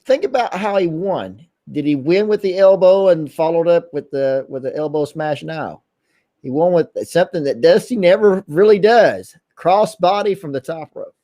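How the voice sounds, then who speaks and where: A man's voice: a little high, normal speed, warm tone. A man co-hosting a casual podcast, mostly chiming in with brief, agreeable remarks. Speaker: podcast co-host. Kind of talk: casual chat.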